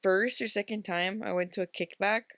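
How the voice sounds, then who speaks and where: A woman's voice: mid-range voice, fairly even intonation, moderate pace, fairly bright tone, no echo, clean studio sound. A young woman co-hosting a casual podcast, telling a story in a laid-back, swearing way. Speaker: podcast co-host.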